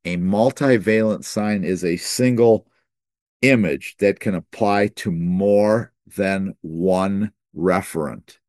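Low-voiced man teaching scripture. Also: darkish tone, dry recording, clean studio sound. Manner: repeats words while thinking, slows for key phrases. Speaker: preacher. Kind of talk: sermon-style Bible teaching.

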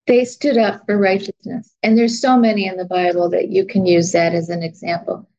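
Woman Bible study leader, unhurried and folksy, gravelly voice, dull lo-fi recording. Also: mid-range voice, flat delivery, a little mellow, slight background noise. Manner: chatty, laughs at herself, searches notes aloud. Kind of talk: informal Bible lesson.

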